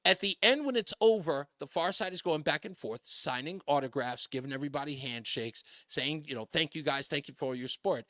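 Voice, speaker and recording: A male talk radio host telling a funny personal story in a lively way, often raising his voice to quote people and laughing as he goes. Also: a little high, brisk, few pauses, dry recording, studio quality.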